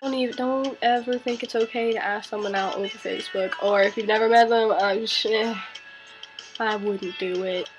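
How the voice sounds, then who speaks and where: A woman's voice: mid-range voice, steady tone, moderate pace, over music, rough recording. A teenage girl vlogging, telling a story with exasperated sarcasm. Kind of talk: casual ranting vlog.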